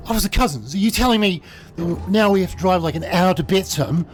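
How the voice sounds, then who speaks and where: A man's voice: fairly high pitch, lively intonation, a little fast, darkish tone, slight background noise, lightly acted. A man voicing a frightened, confused young woman who pleads in a raised voice. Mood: pleading.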